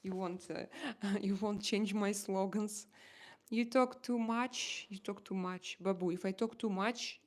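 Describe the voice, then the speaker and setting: A woman with a Russian accent chatting casually on a live stream and answering her chat, halting now and then as she searches for English words and slips into French. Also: mid-range voice, little pitch movement, a little mellow.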